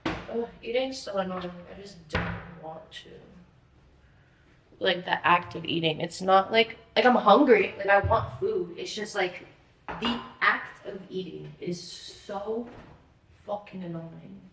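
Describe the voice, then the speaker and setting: A woman's voice: mid-range voice, a little slow. A young woman in her twenties rambling in a casual vlog at home, scattered and frantic, swearing and filling with "like". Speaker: vlogger. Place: apartment. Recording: echoey room with faint noise.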